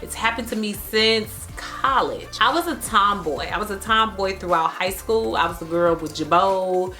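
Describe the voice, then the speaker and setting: Animated woman with a St. Louis accent. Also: mid-range voice, moderate pace, faint music behind. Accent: St. Louis, Midwest. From Midwest United States. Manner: animated, laughs often, reads out comments. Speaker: vlogger. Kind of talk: casual chat to camera.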